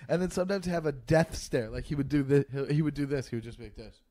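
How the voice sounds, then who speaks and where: A man's voice: medium pitch, quick pace, warm tone. A man guesting on a casual podcast, teasing his host in a loose, rambling way. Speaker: comedian guest. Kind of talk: casual chat.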